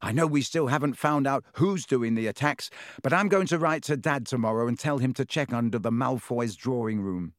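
A man voicing an excitable teenage schoolboy who talks with eager urgency. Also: medium pitch, normal speed, hardly any pauses, dry recording, clean studio sound, close to an everyday voice.

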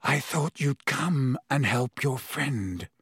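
A man voicing a gaunt, menacing escaped prisoner with a hoarse, rusty voice, speaking slowly and quietly in an audiobook. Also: medium pitch, lively intonation, no room sound, studio quality, full character voice. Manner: slow, quiet, grimly taunting. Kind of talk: audiobook character voice.

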